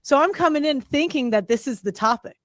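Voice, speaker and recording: A woman hosting a commentary show, talking in an emphatic, exasperated way with halting restarts. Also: sits high, animated, no echo, clean studio sound. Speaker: commentary host reacting to clips. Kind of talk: casual reaction commentary.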